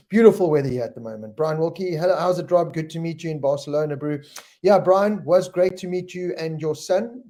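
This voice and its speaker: A middle-aged man with a South African accent hosts a live stream, his medium-pitched voice warm. He keeps things casual and jokey, reading out viewers' names and their comments.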